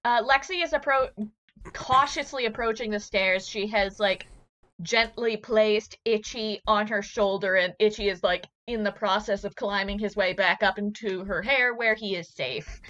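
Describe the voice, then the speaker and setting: Bright, chatty woman playing a tabletop game. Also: medium pitch, moderate pace, dull audio. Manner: giggly, chatty. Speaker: player. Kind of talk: casual tabletop play.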